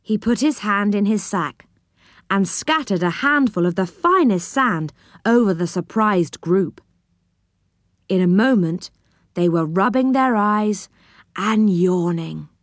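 A woman reading a children's story aloud in an expressive, animated way. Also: mid-range voice, a little slow, no echo, studio quality.

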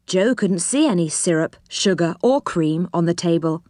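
A woman reading a children's story aloud in a gentle, unhurried storytelling manner. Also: fairly low pitch, animated, dry recording, studio quality.

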